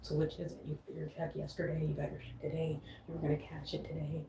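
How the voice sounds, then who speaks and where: A woman's voice: low voice, monotone, fast talker, warm tone, slight background noise, low-quality recording. A young woman venting on a casual vlog, frustrated and swearing freely as she mimics her roommate. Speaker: vlogger. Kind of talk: venting to camera.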